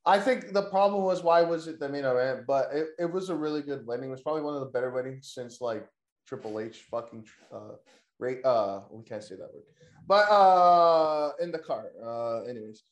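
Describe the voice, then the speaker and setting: An excitable, slangy man hosting a casual wrestling recap chat, peppering his talk with "yo" and "dude" and swearing freely. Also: medium pitch, normal speed, reverberant, lo-fi sound. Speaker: podcast host.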